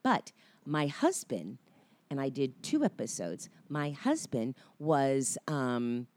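A woman's voice: a bass voice, very animated, slow, darkish tone. A middle-aged woman, a guest actress, telling enthusiastic stories in casual talk. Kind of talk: casual chat.

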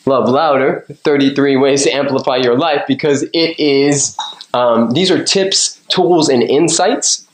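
A man's voice: medium pitch, a little slow. A man being interviewed as a guest on a podcast, talking about love in a playful, preachy, enthusiastic way. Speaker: podcast guest, author and coach. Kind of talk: casual interview. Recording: roomy echo.

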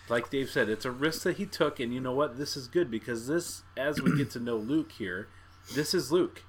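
Bright, animated male podcast co-host. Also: medium pitch, fairly quick. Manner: animated, acts out his own reactions. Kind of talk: casual movie discussion.

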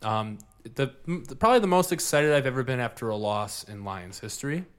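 A man's voice: mid-range voice, animated, fairly quick, clear, resonant tone. A man hosting a casual podcast chat, laid-back and laughing often as he rambles about beer and football. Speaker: podcast host.

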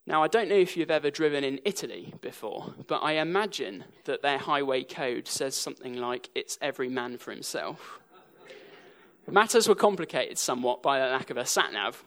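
Gravelly English preacher with dry humour. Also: male voice, a little high, fairly bright tone. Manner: dry humour woven into storytelling. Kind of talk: sermon.

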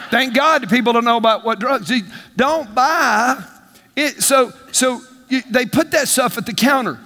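A higher-voiced man preaching, swinging between a relaxed conversational tone and bursts of shouted emphasis. He keeps tossing questions to the congregation and playing out little dialogues. His voice rings through a large church with a long reverb. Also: brisk. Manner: animated preaching, call-and-response, acts out dialogue. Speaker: pastor. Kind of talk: sermon. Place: church sanctuary.

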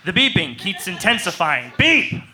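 A man narrating an improvised comedy in a deadpan style with goofy sound effects. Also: on the high side, brisk.

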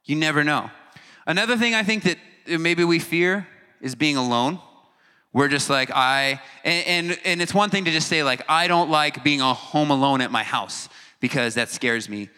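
A man's voice: fairly high pitch, moderate pace, pushed and bright, clean tone. A man giving a casual, joking talk to a teen audience, acting out reactions and stumbling over long words. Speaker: youth speaker. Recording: hall reverb.

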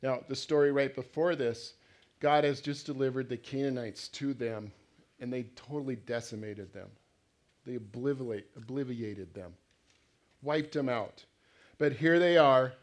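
A male pastor gives a casual, chatty sermon, asking the congregation questions. His voice sits at a middling pitch. He reads passages out plainly between his asides. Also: a little slow. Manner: conversational, asks the congregation questions, acts out voices.

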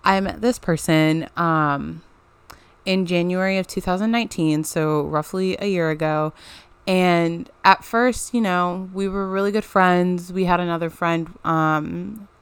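Chatty college-age woman, clear voice. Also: on the low side, a little slow, no echo. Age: 20s. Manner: chatty, animated retelling with lots of "like". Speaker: college student. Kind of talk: casual storytime vlog.

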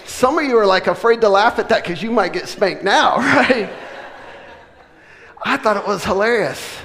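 A middle-aged man preaching a sermon, telling a funny family story with laughs, then building to loud, emphatic preaching. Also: high voice. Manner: animated, joking, with laughs and sudden loud preaching. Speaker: pastor. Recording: long reverb of a large hall.

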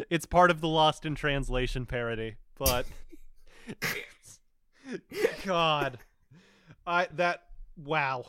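A man's voice: on the high side, a little slow, pushed and bright, clean tone. A man co-hosting a podcast, chatting loosely about a show, laughing and swearing freely. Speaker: podcast co-host. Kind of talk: casual chat reviewing a show.

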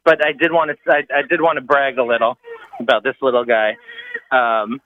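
A man's voice: mid-range voice, flat delivery, fairly quick, no room sound. Rambling man on a tinny phone line. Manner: rambling, hesitant, lots of fillers. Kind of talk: casual phone-in storytelling.

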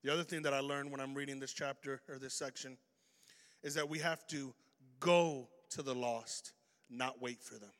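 A man preaching an energetic sermon, telling a story and swinging between loud bursts and hushed lines. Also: medium pitch, moderate pace. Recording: reverberant hall.

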